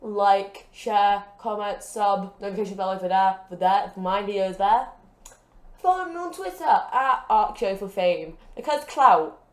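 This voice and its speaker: A woman's voice: medium pitch, measured pace. A woman hosting a gaming channel, casually narrating matches and rambling with jokes and plugs. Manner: rambling, joking, self-promoting. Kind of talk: casual game commentary. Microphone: desk mic with a broken stand.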